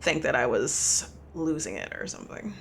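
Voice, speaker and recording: A man voicing an uneasy young roommate in a tabletop game, talking in hushed, hesitant bits that trail off. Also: on the high side, animated, moderate pace, gravelly, a little hiss or hum.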